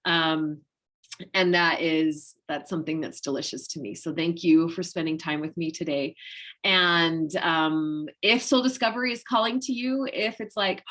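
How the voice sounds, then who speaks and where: A woman's voice: deep voice, a little slow, fairly bright tone. Gushing, emotional woman coach. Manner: openly emotional and affectionate; gushing, enthusiastic. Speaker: wellness coach leading a master class. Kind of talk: heartfelt direct-to-viewer talk.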